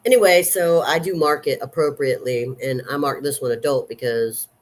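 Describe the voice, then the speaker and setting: A woman's voice: sits low, fairly quick, darkish tone. A woman in her fifties speaks with a Southern accent. She rambles chattily to her vlog viewers and keeps circling back with ums and half-finished thoughts. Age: 50s. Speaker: vlogger. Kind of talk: casual chat.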